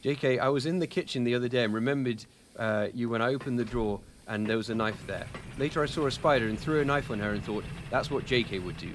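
A man's voice: medium pitch, fast talker, few pauses, a little hiss or hum. A young British man streaming a game, rambling casually with lots of ums and self-deprecating jokes while he answers chat. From United Kingdom. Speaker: gaming streamer. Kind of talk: casual live-stream commentary while playing.

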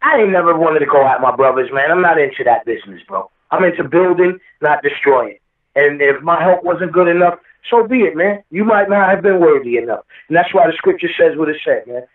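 A man's voice: a little high, a little fast. A man giving a heated, preachy interview, quoting scripture and repeating himself for emphasis. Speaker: rapper guest. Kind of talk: impassioned interview talk. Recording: echoey, distant phone line.

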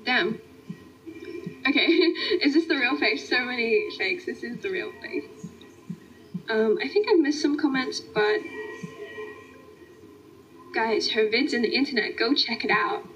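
A woman's voice: on the high side, lively intonation, a little slow, long pauses, fairly bright tone. A young Australian woman chatting casually on a livestream, answering viewer comments in a friendly way. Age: young adult. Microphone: phone. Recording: dull lo-fi phone stream, faint music.

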